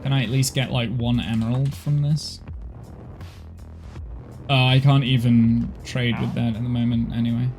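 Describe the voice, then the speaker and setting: A man's voice: mid-range voice, little pitch movement, moderate pace, pauses often, a little mellow, soft background music. A man live-streaming a game from his home office, tired and talking casually, self-deprecating and apologetic, with frequent restarts. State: tired, overheated.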